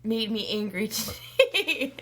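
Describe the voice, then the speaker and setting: A woman telling an animated, giggly story as a guest in a casual podcast chat. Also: fairly high pitch, slow pace.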